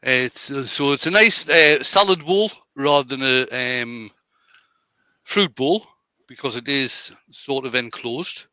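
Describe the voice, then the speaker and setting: A Northumbrian man talks through his woodturning in a relaxed, jokey way. His voice is bright and forward, recorded close and dry with no room around it. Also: medium pitch, smooth, no room sound. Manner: chatty, jokey, explains his work. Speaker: host, woodturner. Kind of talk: casual live-stream chat.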